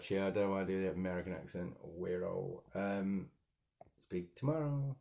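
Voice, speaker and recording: Male vlogger, low voice, halting and musing, casual monologue. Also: steady tone, creaky, mellow. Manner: rambling and halting, with frequent restarts. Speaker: daily vlogger. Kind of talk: casual self-reflective monologue.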